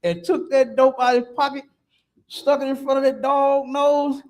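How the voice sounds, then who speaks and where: Animated high-voiced man telling stories. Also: normal speed. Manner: animated storytelling with street slang. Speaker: podcast co-host. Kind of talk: casual chat.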